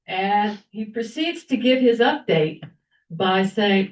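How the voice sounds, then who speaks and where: A woman's voice: mid-range voice, slow. Older woman telling a story in an echoey room. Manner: animated storyteller, acts out quoted people. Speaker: club member giving a speech. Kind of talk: prepared storytelling speech. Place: meeting room at a club lunch. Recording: echoey room, dull lo-fi sound.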